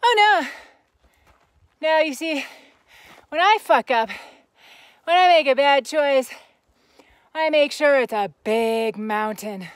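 A woman's voice: high voice, slow, long pauses, no echo. A woman vlogging as she pushes her bike up a steep mountain trail, talking to the camera in a breathless, exasperated way and swearing now and then. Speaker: adventure vlogger. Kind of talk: casual talk to camera. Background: music.

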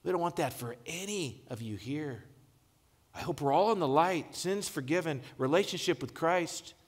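A man preaching in a large church hall, his slightly high voice ringing out with a long reverb tail. He switches easily between casual asides and emphatic points. The delivery feels conversational rather than formal. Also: animated, moderate pace. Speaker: pastor. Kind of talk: sermon.

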